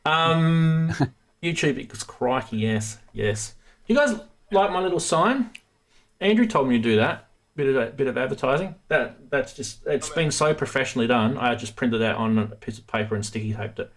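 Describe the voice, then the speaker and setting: A man's voice: medium pitch, animated, moderate pace. Chatty man hosting a livestream. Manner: chatty, laughs often, swears casually. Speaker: livestream host. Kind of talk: casual livestream chat.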